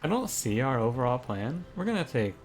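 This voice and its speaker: A young man streams a card game and talks through each choice in a casual, thinking-aloud way, often restarting his sentences. His voice sits at an ordinary middle pitch, and a little game music plays quietly behind him. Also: very animated, brisk. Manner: thinks aloud, restarts, gets ranting and exasperated. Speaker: gaming streamer. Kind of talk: casual gameplay commentary.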